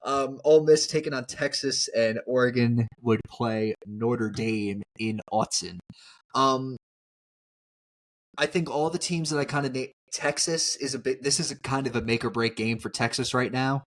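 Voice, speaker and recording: A man co-hosting a casual sports podcast, animated and quick to laugh, often talking over his partner. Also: mid-range voice. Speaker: podcast co-host.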